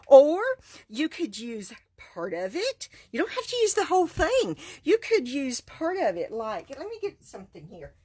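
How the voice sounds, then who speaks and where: A woman's voice: high-pitched, huge pitch swings, normal speed, warm tone, dry recording, clean studio sound. A woman, chatting through a live card-making demonstration, enthusiastic and laughing often. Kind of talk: casual live stream demonstration.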